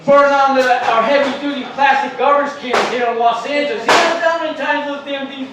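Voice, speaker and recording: His voice is very high-pitched and fairly even in intonation, running a little fast over background noise. He's doing loud, crude, meandering stand-up at an LA club or open mic, captured in an echoey room with a far-off mic and faint ambience.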